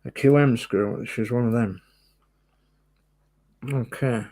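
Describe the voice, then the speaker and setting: Male host, gravelly, unhurried, chats and mutters through a model build. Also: mid-range voice, a little mellow. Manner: chatty, muttering to himself as he works. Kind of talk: casual chat while building.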